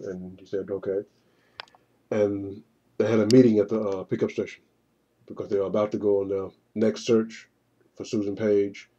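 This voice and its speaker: A man narrating a walkthrough of his own screenplay storyboard, halting and often repeating words. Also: lowish voice, mellow, slightly rough, muffled recording. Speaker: writer pitching his screenplay.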